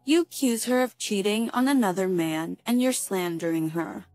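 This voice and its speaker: A woman's voice: mid-range voice, normal speed, darkish tone, no room sound, soft background music, natural voice. A woman voicing a stern, indignant mother-in-law in a spoken story, scolding in a cold tone.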